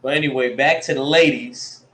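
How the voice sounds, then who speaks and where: A man's voice: medium pitch, fairly even intonation, moderate pace, sharp tone, low-quality recording. A man hosting a casual live stream, talking loose slangy banter to his chat while he has the hiccups.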